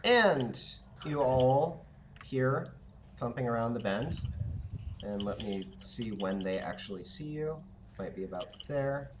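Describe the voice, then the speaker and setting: A man's voice: medium pitch, expressive, slow pace, background noise. A man running a tabletop game as game master, chatting casually and narrating, with frequent hesitations.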